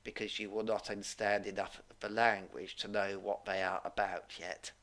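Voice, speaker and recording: A man teaching English in an online question-and-answer session, explaining in a measured, formal way over a video call. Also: fairly low pitch, little pitch movement, a bit bright.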